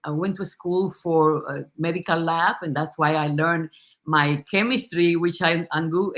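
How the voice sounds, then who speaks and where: A middle-aged woman from the Dominican Republic, a native Spanish speaker with a Spanish accent, earnestly telling her life story as a guest and laughing easily. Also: lowish voice. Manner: warm, earnest, laughs easily, restarts often. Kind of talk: casual personal testimony.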